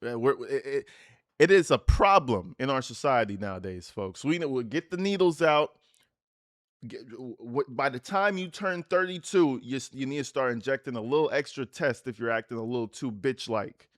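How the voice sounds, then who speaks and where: A man's voice: medium pitch, expressive, normal speed, no echo, studio quality. Crude, mocking male commentator. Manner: crude, mocking and sarcastic, breaks into laughter. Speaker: online commentator. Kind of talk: reaction commentary reading texts aloud.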